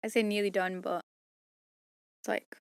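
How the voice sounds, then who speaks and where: A woman's voice: mid-range voice, little pitch movement, normal speed, clear, resonant tone, no room sound, clean studio sound. A woman narrating an audiobook, chatting through bloopers in a tired, strained voice, rambling and joking at herself. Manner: rambling, self-mocking, tired. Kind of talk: casual bloopers and outro chat.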